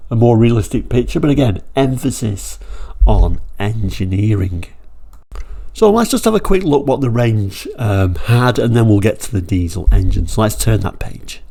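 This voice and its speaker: Male channel host, gravelly and warm, relaxed and digressive, enthusiast chatting over brochures. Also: fairly low pitch, moderate pace. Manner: chatty and rambling, digresses then pulls himself back on track. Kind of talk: casual talk-through of old car brochures.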